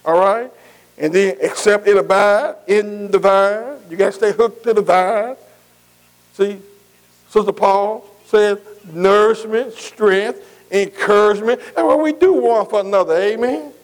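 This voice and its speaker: A man's voice: high voice, measured pace, low-quality recording. A man preaching a sermon, repeating phrases and calling out to the congregation. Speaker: pastor.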